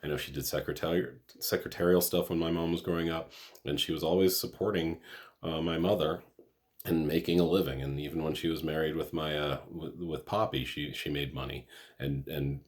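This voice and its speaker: A young man hosting a podcast, telling a personal story in a halting way with many fillers and restarts, emotional and choked up. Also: rumbling low, steady tone. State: emotional, choking up. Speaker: podcast host.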